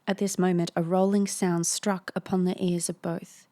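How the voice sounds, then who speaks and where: A woman's voice: lowish voice, little pitch movement, moderate pace, hardly any pauses, warm tone. Playful woman reading a ghost story. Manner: playful, self-mocking. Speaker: reader, narrator. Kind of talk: storybook reading with joking asides.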